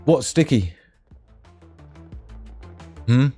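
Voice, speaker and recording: A man's voice: mid-range voice, lively intonation, drawn-out words, warm tone, husky, faint music behind. A man hosting a casual live stream, joking with viewers, teasing them with pet names and laughing often. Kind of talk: casual live chat reading viewer comments.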